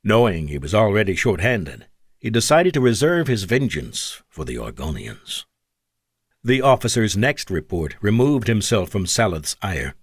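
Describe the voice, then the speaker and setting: Guy reading an audiobook, lowish voice that swings around a lot, dry close sound. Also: big pitch swings, moderate pace, no echo. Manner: shifts pitch and pace for character dialogue. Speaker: audiobook narrator. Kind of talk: scripted narration.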